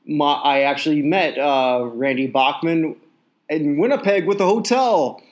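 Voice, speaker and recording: A man's voice: fairly high pitch, measured pace. A man co-hosting a sports podcast, rambling and joking with many restarts. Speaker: podcast co-host. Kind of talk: casual sports chat.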